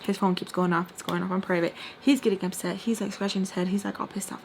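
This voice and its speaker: A woman vlogger telling a personal story to her viewers in a casual, expressive way, with quick asides and some lines dropped to a whisper. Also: lowish voice. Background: faint heater hum.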